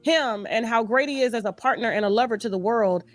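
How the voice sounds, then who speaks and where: A woman's voice: on the high side, brisk, slight background noise. A woman interviewing a guest, asking pointed, probing questions. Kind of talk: interview conversation.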